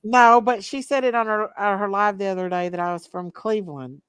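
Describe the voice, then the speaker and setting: A woman's voice: mid-range voice, fairly quick, fairly bright tone, clean tone. A woman from Michigan with a Southern country accent, chatting casually in a folksy way, with eager reactions. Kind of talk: casual chat.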